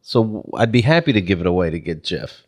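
A man with a deep tone chatting on a podcast, joking and laughing as he recalls things. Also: very animated, a little fast. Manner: joking, laughs, mimics voices. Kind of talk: casual podcast chat.

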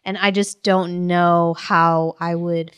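Slow-talking teasing woman. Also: lowish voice, level tone, a bit bright, clear, resonant tone. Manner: teasing, laughs often. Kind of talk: casual chat.

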